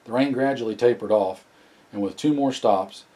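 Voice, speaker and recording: A man narrating an audiobook in a plain, steady reading with occasional restarts. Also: mid-range voice, moderate pace, poor audio. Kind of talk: scripted narration.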